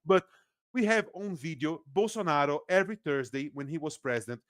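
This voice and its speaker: A man from Brazil, a native Portuguese speaker with a Brazilian accent, guests as a political analyst on an informal podcast. He's energetic, quick to laugh and prone to restarting sentences. His voice is on the high side, recorded at studio quality without echo.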